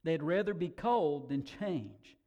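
Storybook stranger, kindly and unhurried, slightly high read by a male preacher. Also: lo-fi sound. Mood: calm. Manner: calm, slow, inviting. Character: gentle wise male stranger bringing fire.

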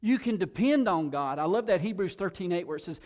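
A man preaching a sermon to a congregation, animated, often repeating words and swinging between soft and loud delivery. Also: high-pitched, fairly quick. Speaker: pastor.

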